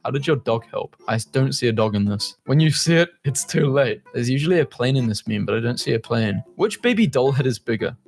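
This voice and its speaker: A young man reads meme captions aloud and reacts to them with deadpan jokes and the odd exasperated outburst. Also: mid-range voice, a little fast, few pauses. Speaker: meme reaction channel host. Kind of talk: casual meme reaction commentary.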